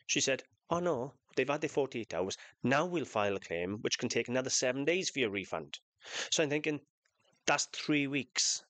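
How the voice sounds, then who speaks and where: A man with a lowish voice tells a long complaint straight to camera. He talks casually and emphatically, circling back over the same points. The sound is close and dry, with no room around it. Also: a bit bright, dry recording. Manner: aggrieved storytelling, repetitive and emphatic. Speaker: vlogger and antique dealer. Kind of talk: casual ranting vlog.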